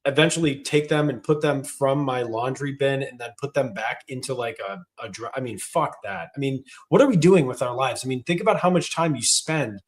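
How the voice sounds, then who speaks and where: A man's voice: mid-range voice, brisk, few pauses. A man in his thirties, a podcast co-host, griping with laid-back profanity in casual chat.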